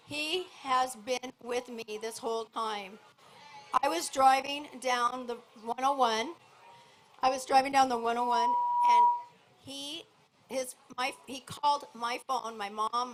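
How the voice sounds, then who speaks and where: A high-voiced middle-aged woman speaks at a memorial, rambling and full of feeling, sometimes calling out loudly. Clear background noise from a live event sits behind her voice. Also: low-quality recording. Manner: emotional, rambling, sometimes shouting. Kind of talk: emotional memorial speech.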